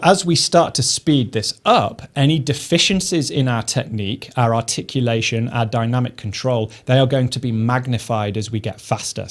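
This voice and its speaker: A man teaching snare drum technique, explaining each step calmly and methodically. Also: medium pitch. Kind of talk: instructional explanation.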